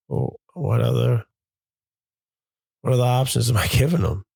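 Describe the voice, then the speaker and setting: A man's voice: medium pitch, normal speed, gravelly, dark tone, husky, dry recording. A man, a father hosting his own show, speaking in a candid, confessional monologue that halts and repeats as he gathers his thoughts.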